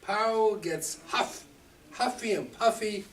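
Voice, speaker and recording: A rabbi teaching a Torah class, lively and expressive, acting out the quotes and mixing in Hebrew terms. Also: male voice, sits high, slow pace, a little hiss or hum. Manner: animated, acts out quotes, mixes Hebrew terms. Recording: distant mic with faint room ambience.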